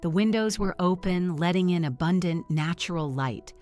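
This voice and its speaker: A middle-aged woman narrating a first-person family story in an earnest, measured way. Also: lowish voice, darkish tone, faint music behind.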